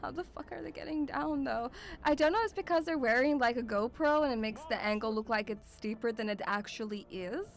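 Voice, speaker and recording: High-voiced woman streamer, swearing. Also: fairly quick. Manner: swears a lot, shrieks and laughs in fright; calls viewers sweetie. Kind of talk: casual reaction commentary.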